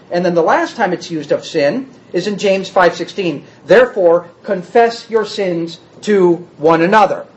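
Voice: mid-range voice, darkish tone, highs cut off. A Bible teacher giving a word-study lesson, reading verses aloud and then restating them in plain words.

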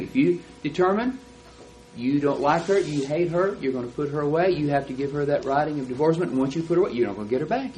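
A man's voice: medium pitch, a little mellow, poor audio. A man teaching a Bible class, explaining texts in an emphatic, lecturing way. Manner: emphatic, explanatory, stresses key words.

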